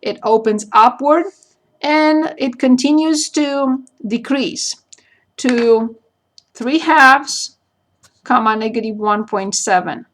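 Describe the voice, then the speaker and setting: Slow, deliberate woman teaching calculus. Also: fairly high pitch. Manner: slow, deliberate, spells out points step by step. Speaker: math teacher. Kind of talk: recorded calculus lecture.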